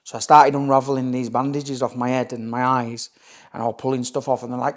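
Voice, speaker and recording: A young Yorkshire man talks as a podcast guest, recounting his own story in plain, blunt words. He swears freely and keeps checking in with "do you know what I mean" and "mate." His voice sits at an everyday male pitch. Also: little pitch movement, a little fast. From Leeds area, England. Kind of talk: candid personal storytelling.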